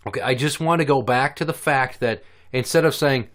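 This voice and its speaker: A man hosting a casual podcast, telling stories in an animated, profane way. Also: medium pitch, brisk. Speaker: podcast host.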